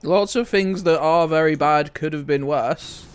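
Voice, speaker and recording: A man's voice: fairly high pitch, a little slow, faint music behind. A man hosting a live game stream, joking and exclaiming as he reacts to chat. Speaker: streamer host.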